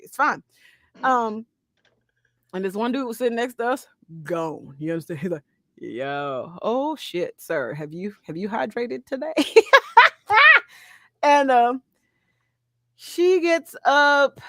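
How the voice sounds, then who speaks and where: A woman in her thirties telling a story in casual, slangy chat, animated, laughing and swearing as she goes. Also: a little high, dry recording, clean studio sound. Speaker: podcast co-host.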